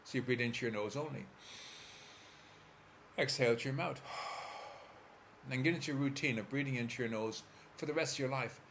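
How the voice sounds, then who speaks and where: Calm Irish man guiding a visualization. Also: medium pitch, fairly quick, long pauses, noisy background. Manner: calm, steady, coaching listener step by step. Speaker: therapist. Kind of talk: guided visualization talk.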